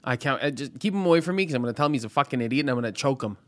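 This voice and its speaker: Fast, blunt male podcast co-host. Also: medium pitch, lively intonation, no room sound. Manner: quick, blunt reactions, profane. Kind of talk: casual podcast banter.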